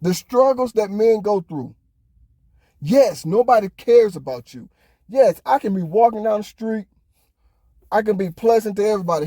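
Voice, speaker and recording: A man's voice: high-pitched, animated, moderate pace, warm tone, no echo, clean studio sound. A man hosting a podcast, ranting heatedly in casual talk, swearing often. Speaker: podcast host. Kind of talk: casual opinion monologue.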